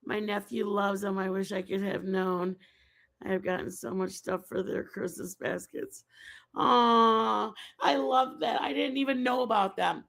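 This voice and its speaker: A woman's voice: mid-range voice, fairly even intonation, a little slow, gravelly, fairly bright tone. A woman hosting a casual live stream, rambling and chatting with her viewers and answering their messages by name.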